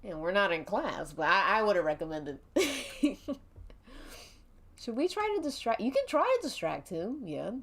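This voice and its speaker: A woman's voice: medium pitch, big pitch swings, unhurried, a bit bright. A young adult woman streaming and narrating an interactive mystery game, giggling often and swearing casually.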